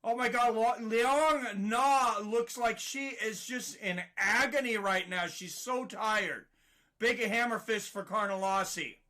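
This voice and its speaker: A man giving excited live play-by-play fight commentary, rising to shouts at big moments. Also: sits high, takes it slowly.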